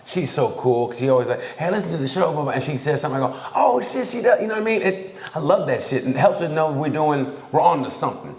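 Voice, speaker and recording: A man in his fifties with a New York accent, co-hosting a podcast in loose, animated chat with lots of swearing and laughter. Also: on the high side, fast talker, few pauses. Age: 50s. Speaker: podcast co-host. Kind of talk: casual chat. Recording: echoey room.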